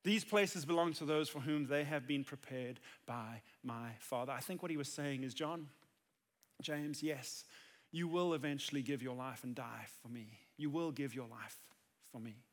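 A man's voice: medium pitch, normal speed. A man preaching a sermon, earnest and conversational, building to emphatic peaks. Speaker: pastor.

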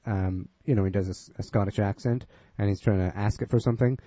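A man co-hosting a podcast, explaining things in a relaxed way and laughing easily. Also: on the low side, fast talker, no echo, highs cut off. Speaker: podcast co-host.

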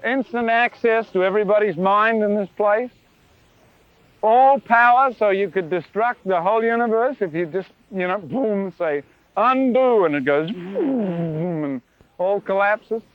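Guy preaching, really animated and playful, high voice, dull lo-fi sound. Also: measured pace. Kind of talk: sermon. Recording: lo-fi recording.

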